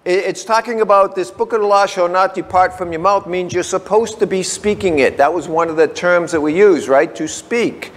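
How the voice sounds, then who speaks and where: A man preaching a conversational sermon as pastor, chatty and folksy, slowing down to read definitions word by word. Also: high-pitched. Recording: long hall reverb.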